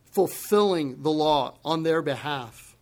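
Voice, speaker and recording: A male pastor delivering a sermon in a notably high voice for a man. His delivery swings between forceful, emphatic declarations and quiet, grave asides. The preaching stays impassioned throughout. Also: slow.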